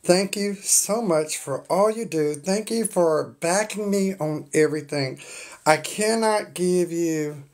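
A woman's voice: lowish voice, slow, darkish tone. A woman, chatting on a phone live stream and greeting viewers by name. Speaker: livestream host. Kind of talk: casual live stream chat. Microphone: phone on a stand.

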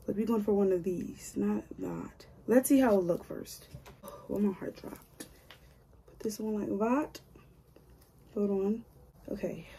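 A woman's voice: medium pitch, warm tone, slight background noise. A woman chatting casually to her viewers while doing her own hair, joking and grumbling to herself as she goes. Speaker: hair vlogger.

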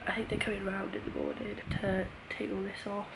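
This is a casual, chatty vlog from a young woman in a hospital room after nose surgery, shot on a phone with noisy sound. Her gravelly mid-range voice barely shifts in pitch and moves fairly quickly. She gets emotional and keeps laughing.

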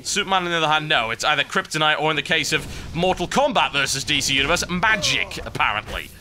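A man's voice: a little high, lively intonation, fast, sharp tone, a little hiss or hum. A man giving rambling, sarcastic commentary while playing a video game. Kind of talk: let's play commentary. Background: game music.

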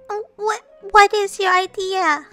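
A woman's voice: very high voice, pushed and bright, exaggerated voice. Woman doing a tearful lost little girl doll. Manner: sobbing, stammering.

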